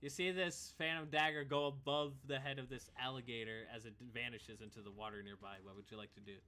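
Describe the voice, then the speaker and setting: A man narrating combat as game master in a relaxed, chuckling way. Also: mid-range voice, fast.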